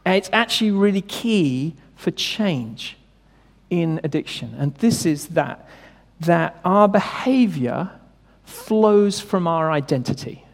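A high-voiced man preaching to a congregation, casual but emphatic, asking questions and stressing key words. His voice rings out with long reverb through a church hall. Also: expressive, slow. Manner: conversational, emphatic, rhetorical questions. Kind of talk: sermon.

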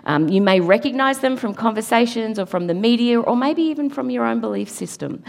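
A woman's voice: on the high side, lively intonation, brisk, gravelly. A middle-aged woman giving an earnest, emphatic church talk, now and then laughing at her own slips. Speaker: preacher. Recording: long hall reverb.

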